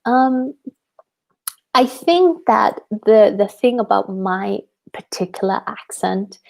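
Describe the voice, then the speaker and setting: A woman's voice: medium pitch, animated, slow, vocal fry, a little mellow. A young Welsh woman, an English teacher, chatting casually with her viewers in a live question-and-answer session, with frequent ums and light laughter. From Wales. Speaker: English teacher and channel host.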